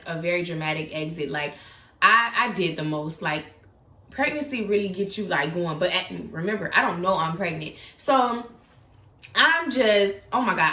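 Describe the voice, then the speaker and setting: A young woman tells a personal story in a casual, animated vlog, acting out quotes with sudden leaps in pitch. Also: reverberant. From South Florida. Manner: animated, dramatic retelling with acted-out quotes and sudden pitch jumps. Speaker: YouTuber telling a story.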